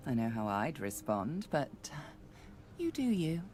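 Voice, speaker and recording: A woman's voice: a bass voice, big pitch swings, unhurried, a little mellow, a little hiss or hum, heavily acted. A woman voicing a dry, teasing adult sorceress in a video game, over game music. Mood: wry. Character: wry, mocking female sorceress, adult. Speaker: game character.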